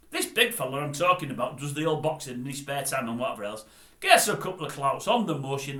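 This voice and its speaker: Older northern English bloke with a fairly high voice, blunt scornful rant, echoey room. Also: male voice, sharp tone. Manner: blunt, scornful, repetitive ranting. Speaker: vlogger. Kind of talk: grumpy rant to camera.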